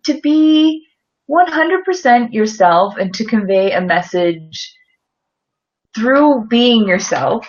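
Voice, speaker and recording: A woman's voice: a little high, lively intonation, takes it slowly. Candid woman podcaster, muffled sound. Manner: emphatic, candid, swears freely. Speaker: podcast co-host. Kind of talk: casual podcast chat.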